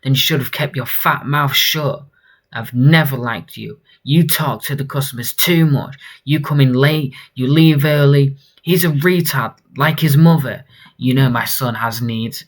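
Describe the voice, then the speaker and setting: A man's voice: medium pitch, a little slow, lightly acted. A man voicing an arrogant male bank manager from a comic who berates his staff curtly. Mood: scornful. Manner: curt, contemptuous, berating.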